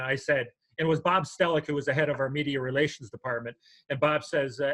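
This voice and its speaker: Older male co-host, bright and slightly high voice, animated storyteller. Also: quick pace, poor audio. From United States. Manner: animated, acts out voices in his anecdote. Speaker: podcast co-host. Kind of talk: storytelling in casual chat.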